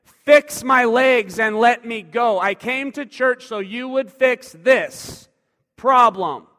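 A preacher voicing a paralyzed man who loudly demands that his legs be fixed, in a reverberant hall. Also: sits high, fairly even intonation, fairly quick. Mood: exasperated. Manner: pleading, indignant, loud.

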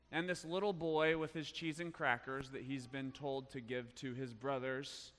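A man preaching a sermon, telling a story with big swings between loud bursts and hushed lines. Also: medium pitch. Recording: long hall reverb.

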